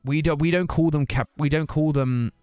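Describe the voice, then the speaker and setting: A man's voice: fairly high pitch, steady tone, moderate pace, darkish tone, smooth, no room sound, studio quality, faint music behind. A young British man chatting casually on his live stream, reading viewer comments aloud and answering them. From United Kingdom.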